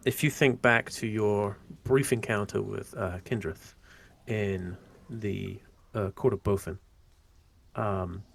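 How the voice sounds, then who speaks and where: A man narrates a tabletop game as its game master. His voice carries a gravelly edge. He keeps a relaxed flow, stopping often for fillers and restarts. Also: lowish voice.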